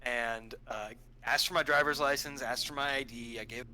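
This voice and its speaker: Bright-voiced young man telling a story. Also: moderate pace, poor audio. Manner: animated, acts out quoted voices with sudden pitch jumps. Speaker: stream co-host. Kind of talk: casual storytelling.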